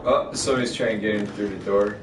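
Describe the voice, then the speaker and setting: A man's voice: fairly low pitch, fairly even intonation, quick pace. Rambling, profane gamer man in a roomy room. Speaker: game streamer. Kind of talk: casual gaming livestream chat. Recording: roomy, distant mic with background noise.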